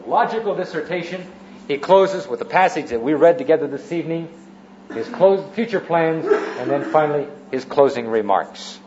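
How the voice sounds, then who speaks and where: Male preacher, high-pitched, methodical sermon delivery; roomy church recording, a bit dull and hissy. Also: darkish tone. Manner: structured teaching, repeats phrases for emphasis.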